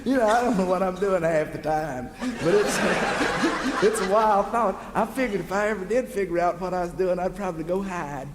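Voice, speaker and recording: On a live stage, a stand-up comedian with a Southern US accent drawls through a folksy, rambling monologue, calling the audience beloved. His voice sits high and moves at a moderate pace. The echoey 1960s live LP recording carries audible hiss.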